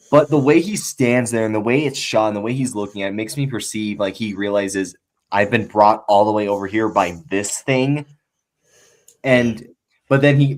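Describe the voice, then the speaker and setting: Male podcast co-host, sincere and chatty, lots of filler words. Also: lowish voice. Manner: earnest, filler-heavy retelling of film scenes. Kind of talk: casual chat.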